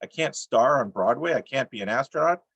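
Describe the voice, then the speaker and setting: A middle-aged man reading his own poems on a video call, with a dry, deadpan delivery and self-mocking jokes. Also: mid-range voice, fairly quick, creaky, breathy edge, no room sound. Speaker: featured poet. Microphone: computer mic on a video call.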